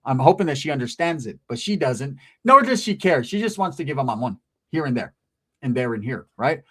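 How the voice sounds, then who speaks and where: A man telling a wild personal story in casual, profane street slang, animated and acting out each person he quotes. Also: medium pitch, a little fast, breathy edge. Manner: animated, acts out every quoted voice; profane, slangy street talk with Spanish words.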